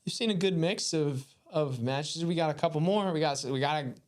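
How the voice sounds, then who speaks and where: A young man co-hosting a comedy podcast, bantering in an animated, stammering, playful way. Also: a little high, moderate pace, background noise.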